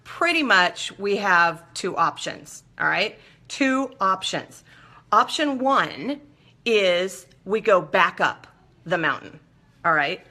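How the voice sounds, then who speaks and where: Bright, animated woman telling a story. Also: fairly low pitch, slow pace. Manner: animated, chatty, with laughs and playful asides. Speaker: show host. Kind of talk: personal storytelling on a talk show.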